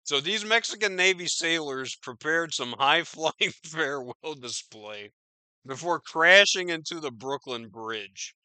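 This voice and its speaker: A man's voice: on the high side, lively intonation, measured pace, sharp tone, clear, resonant tone, no room sound. A man hosting a podcast, riffing on news in a profane, rambling, incredulous way. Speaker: podcast host. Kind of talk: casual news commentary.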